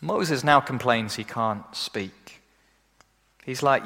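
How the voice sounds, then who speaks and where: Animated preacher in a reverberant hall. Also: male voice, takes it slowly, vocal fry, pauses often. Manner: animated, acts out quoted voices in a raised pitch. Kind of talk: sermon.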